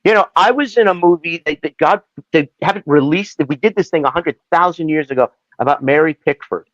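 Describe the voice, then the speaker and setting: Guy actor on a podcast, bit high voice, dull dry lo-fi sound, rambles a lot. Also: fairly quick, no room sound. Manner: rambling, animated storyteller who slips into voices. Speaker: guest actor. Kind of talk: casual interview chat.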